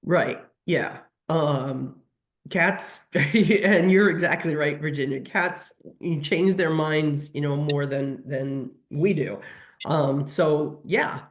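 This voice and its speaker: A woman's voice: low-pitched, takes it slowly. A woman who works as a veterinary nutrition technician, answering audience questions in a webinar, hesitant with many fillers and restarts.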